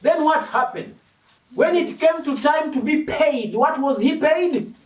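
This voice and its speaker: A man preaches a sermon in an extremely high, slightly slow voice, animated and emphatic as he quizzes the congregation and drives his points home. The mic picks him up from a distance in an echoey hall.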